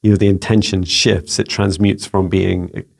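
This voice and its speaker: A Scottish man, a spiritual mentor answering viewer questions in a casual video, speaking gently and soothingly with many halting repeats. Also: low-pitched, flat delivery, vocal fry. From Scotland.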